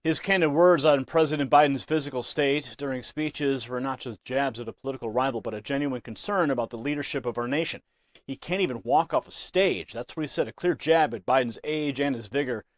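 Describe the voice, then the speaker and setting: A man's voice: mid-range voice, fairly quick, dry recording, studio quality. A man presenting scripted news commentary with a dramatic, emphatic delivery.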